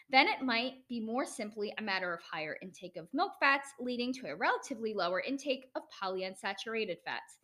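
A woman's voice: medium pitch, sharp tone. An American woman hosting a solo educational podcast, chatty and enthusiastic, with self-deprecating asides. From United States. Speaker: podcast host.

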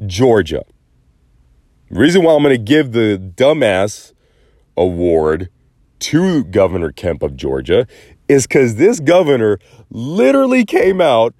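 A deep-voiced man rants sarcastically in a loose, rambling way, hosting his own show. He often slips into mocking voices to quote others. The sound is dry and close, with no room echo. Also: darkish tone. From Los Angeles area. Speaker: podcast host. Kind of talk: casual solo commentary.

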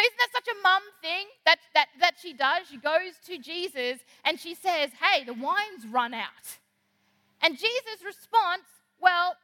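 A woman preaches in a chatty, animated way. Her voice sits high and sounds bright and clear. A long reverb trails her words through the hall. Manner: animated, conversational, acts out quoted lines. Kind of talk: sermon.

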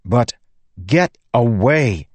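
Brief: man doing a young male warrior, earnest and pleading, voice lifted higher than the narrator's, dry close read. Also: lively intonation, very slow, darkish tone, dry recording. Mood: urgent pleading.

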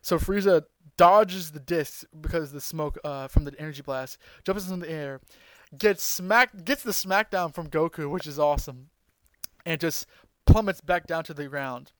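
A man hosting a podcast, recapping an episode in an excited, rambling way with lots of fillers and restarts. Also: a little high, normal speed, dry recording, rough recording. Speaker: podcast host.

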